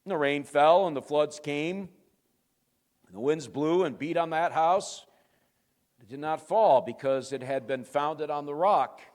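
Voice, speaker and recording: A male pastor giving an emphatic sermon, swinging between quiet and loud and answering his own rhetorical questions. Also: a little high, a little slow, in a large hall.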